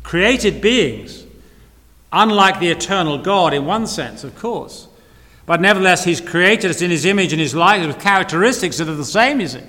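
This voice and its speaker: A man's voice: sits high, animated, normal speed, bright, forceful tone. A man preaching a sermon, earnest, repeating key phrases and asking rhetorical questions. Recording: long reverb of a hall.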